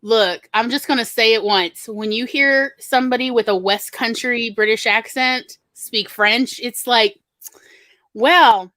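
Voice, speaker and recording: A woman's voice: fairly high pitch, measured pace, pushed and bright, no echo. A woman co-hosting a podcast, chatting casually and rambling with lots of fillers. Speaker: podcast co-host. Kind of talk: casual chat.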